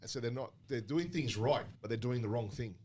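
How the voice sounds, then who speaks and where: A man's voice: mid-range voice, fairly quick, darkish tone. A man co-hosting a casual podcast, laid-back and asking questions with frequent agreement. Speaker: podcast co-host.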